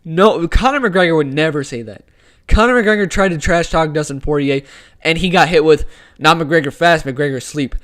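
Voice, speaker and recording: A man's voice: fairly high pitch, animated, moderate pace, a bit bright. An opinionated man chatting casually on a live sports stream, his voice sitting a bit above the usual range. He jumps between hot takes with slangy enthusiasm, close to a wired desk microphone. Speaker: host of a sports talk stream. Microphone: desk microphone with wire.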